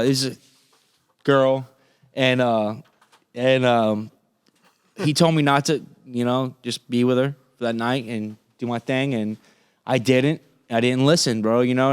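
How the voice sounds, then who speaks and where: A man's voice: medium pitch, clean tone, no room sound. A man from Florida, a singer guesting on a podcast, talking in a casual, profane, rambling way full of restarts. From Florida, USA. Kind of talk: casual interview chat.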